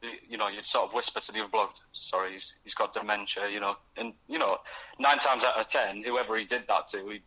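A young man, a guest author talking in a casual radio interview, halting and restarting as he acts out voices in his stories. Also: lowish voice, pushed and bright, slightly rough, low-quality recording. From North East England. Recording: radio studio.

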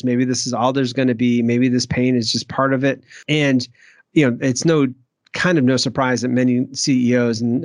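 A man's voice: medium pitch, no room sound, studio quality. A man from Maine, guest on a podcast, talking reflectively with frequent restarts and small laughs. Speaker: author and guest. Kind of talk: podcast interview.

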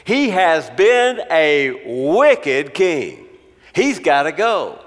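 Bir vaiz, kesin kararlar veren ilahi bir yargıcı canlandıran bir adam. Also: male voice, a little high, very animated, very slow, in a large hall, exaggerated voice. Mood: decisive. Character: commanding divine judge, grand and decisive.

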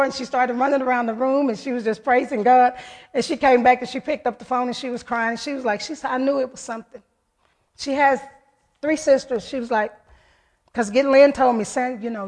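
A woman giving an earnest, heartfelt personal testimony to her church, retelling events through many quoted voices. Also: on the high side. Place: church service.

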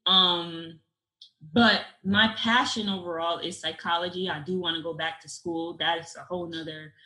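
A woman's voice: fairly low pitch, fairly even intonation, moderate pace, bright, forceful tone. A young adult woman talking earnestly in casual conversation, rambling with many restarts and fillers. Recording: echoey room.

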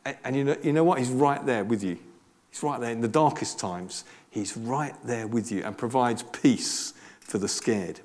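A man's voice: mid-range voice, moderate pace, a little mellow. A man giving a conversational, earnest sermon with frequent restarts. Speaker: preacher.

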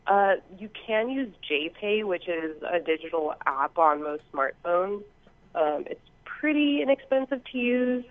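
A woman calling in to a show, talking excitedly and rambling with lots of ums, heard over a phone-like internet line. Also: mid-range voice, unhurried. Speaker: caller. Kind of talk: call-in chat.

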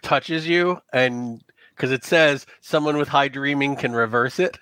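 A man running a tabletop game as game master, narrating in a loose, halting way with many restarts. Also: mid-range voice, pushed and bright, clean tone, no room sound.

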